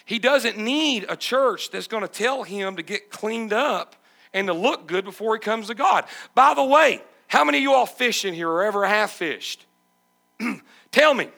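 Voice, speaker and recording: A man's voice: high voice, creaky, pushed and bright. A male pastor preaching a sermon emphatically and asking his congregation questions.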